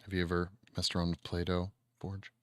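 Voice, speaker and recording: Deep-voiced man chatting casually. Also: brisk, no echo. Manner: relaxed, profane, rambling with fillers. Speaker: co-streamer. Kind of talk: casual live-stream chat.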